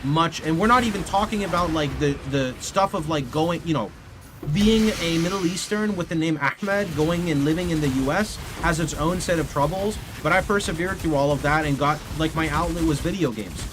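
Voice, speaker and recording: A man's voice: fairly high pitch, normal speed. Chatty male streamer over background hiss. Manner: rambling, self-correcting storyteller. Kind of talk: casual livestream chat, answering chat. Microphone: studio condenser mic. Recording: steady background noise. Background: steady noise.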